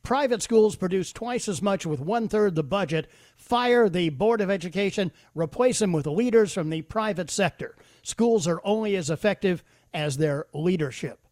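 Man, radio talk host, folksy storyteller, lots of fillers, slightly high voice, dry studio sound. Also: lively intonation, normal speed, a little mellow, no room sound. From South Carolina. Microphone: studio microphone.

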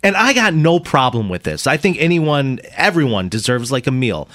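Lively, animated male radio host. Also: medium pitch, moderate pace, no room sound. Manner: animated, laughing storyteller with frequent restarts. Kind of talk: casual on-air storytelling. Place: radio studio. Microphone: studio microphone.

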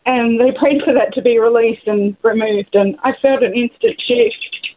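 A middle-aged woman calling in to a radio show, sharing a personal story in an emotional, halting, heartfelt way. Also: fairly high pitch. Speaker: caller. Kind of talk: phone-in testimony. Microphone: phone. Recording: tinny phone line with faint noise.

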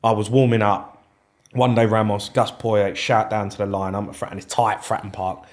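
His voice is lowish and his pace moderate as this former footballer shares stories in an informal interview. He's animated, curses freely and reenacts conversations from the past.

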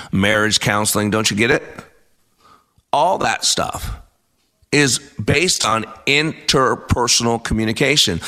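A man's voice: on the low side, bright, forceful tone. A man in his fifties hosting a faith-based motivational radio talk, speaking with earnest, preacherly emphasis. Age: 50s. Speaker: radio host.

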